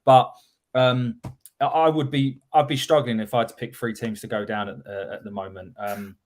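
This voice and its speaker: A man co-hosting a live podcast, talking through his points in a measured, analytical way. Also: medium pitch, steady tone. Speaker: podcast co-host. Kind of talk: casual live-stream chat.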